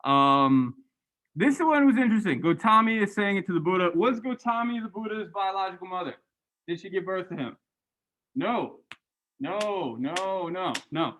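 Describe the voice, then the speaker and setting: A man lecturing a university class and going over graded answers, animated and chatty, often adding "right?". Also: sits high, moderate pace, low-quality recording. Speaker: university religious studies lecturer.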